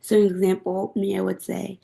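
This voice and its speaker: A woman's voice: medium pitch, completely flat delivery, normal speed, creaky, mellow. A young woman giving a class presentation as a student, explaining casually with occasional fillers.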